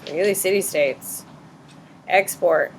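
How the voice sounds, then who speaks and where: A woman teacher in a classroom, questioning students briskly and bluntly correcting their answers. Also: lowish voice, slight background noise.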